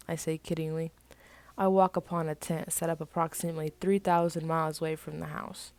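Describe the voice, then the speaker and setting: A woman's voice: low-pitched, little pitch movement, brisk, a little mellow. A woman from the United States reads her own first-person story aloud and breaks off now and then for casual asides. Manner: casual asides between reading.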